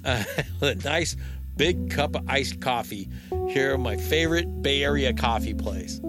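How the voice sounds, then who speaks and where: A middle-aged man telling a personal story in a wry, conversational way, with fillers and pauses. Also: medium pitch.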